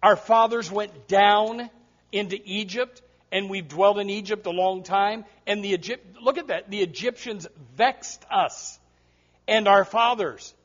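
A man preaching a sermon, emphatic, swinging between loud passages and hushed ones. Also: high-pitched, fairly even intonation, measured pace. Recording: muffled lo-fi sound.

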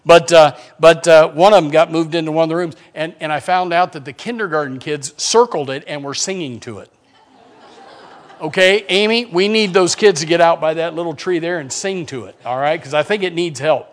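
A male pastor, speaking in a somewhat higher voice than most men. He preaches in a loose, conversational way, stumbling over restarts and dropping joking asides. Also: a little fast. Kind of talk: sermon.

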